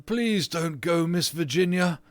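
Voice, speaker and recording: A man voicing a petulant, haughty aristocratic ghost of an English nobleman in an audiobook reading, often drawing his words out slowly. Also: fairly low pitch, animated, no room sound. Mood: pleading.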